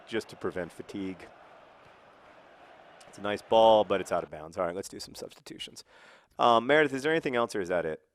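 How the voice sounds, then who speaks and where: A man's voice: lowish voice, a bit bright, dry recording. A man giving casual, rambling commentary while playing a football video game, with wry, mock-outraged asides. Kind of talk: casual let's-play commentary.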